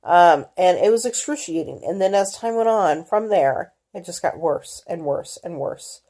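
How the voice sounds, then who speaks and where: Middle-aged female vlogger, lowish voice, candid, halting delivery. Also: lively intonation, mellow. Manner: candid, halting, many fillers and restarts. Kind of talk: personal health story, casual.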